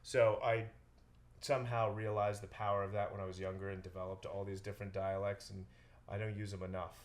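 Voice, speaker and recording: A man with a London accent, a guest in a casual interview, telling stories with lively acted-out quotes. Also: on the low side, brisk. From England. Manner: animated storyteller, acts out quoted voices. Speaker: guest, real estate agent.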